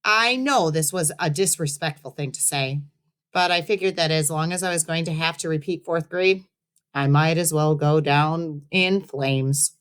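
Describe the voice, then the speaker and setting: A woman teacher reading a children's chapter book aloud to her students in an expressive, friendly way. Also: deep voice, moderate pace, clean tone. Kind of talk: read-aloud storytelling.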